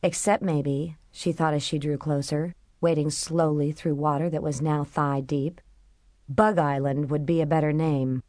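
A woman narrating a novel as an audiobook, in steady, measured storytelling. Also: sits low, dry recording, clean studio sound. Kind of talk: scripted narration.

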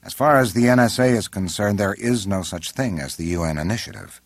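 A man voicing a composed middle-aged male intelligence chief who speaks in a measured, respectful way, in an audiobook. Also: fairly low pitch, no room sound. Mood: earnest.

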